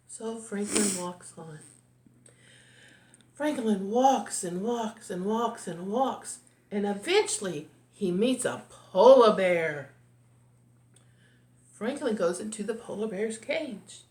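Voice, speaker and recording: A woman reading a picture book aloud, slow and expressive as a storyteller. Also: medium pitch. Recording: echoey room.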